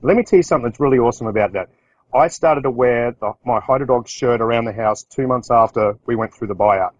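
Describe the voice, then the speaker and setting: A man's voice: mid-range voice, quick pace, no room sound, dull audio. Middle-aged Australian man, business owner, spinning loose anecdotes with restarts; dry, close sound. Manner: rambling anecdotes with restarts, acts out quotes. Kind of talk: casual storytelling talk.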